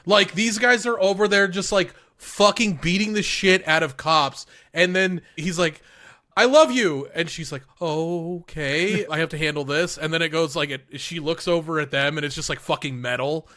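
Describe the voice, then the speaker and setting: A man co-hosting a podcast, chatting casually and excitably, swearing and jumping in pitch when he acts out scenes. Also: moderate pace, few pauses. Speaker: podcast co-host. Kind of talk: casual chat.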